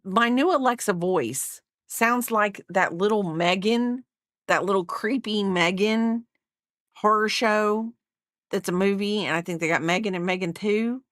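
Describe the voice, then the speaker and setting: A woman's voice: mid-range voice, a little slow, fairly bright tone, no room sound, studio quality. A middle-aged woman chatting casually while she crochets, rambling with lots of fillers and asides. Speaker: crochet vlogger.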